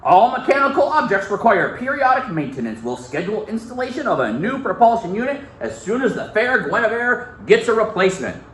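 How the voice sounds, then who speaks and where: A man's voice: high-pitched, sing-song, fairly quick, hardly any pauses, a bit bright, a little hiss or hum, pitched above the performer's own voice. A man reading out the lines of a genius boy who talks formally and precisely, with the lofty wording of a dictionary, in an echoey classroom recorded from a distance.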